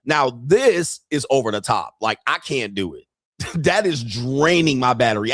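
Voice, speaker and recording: A man's voice: medium pitch, sing-song, normal speed, a bit bright, dry recording, studio quality. A middle-aged man hosting a commentary show, reacting bluntly and crudely to viral clips with frequent laughter. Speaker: host.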